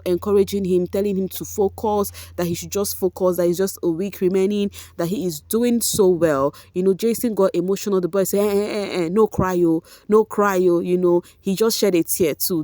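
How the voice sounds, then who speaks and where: A woman with a Nigerian accent in a casual vlog, giving an emotional, animated recap of a reality show and slipping into Pidgin now and then. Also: fairly low pitch, dry recording.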